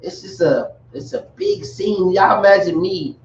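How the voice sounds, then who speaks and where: Very animated yet unhurried, this religious teacher's high voice wanders through a casual lesson peppered with joking asides. Picked up from a distance, the sound is dull and echoey with some hiss or hum.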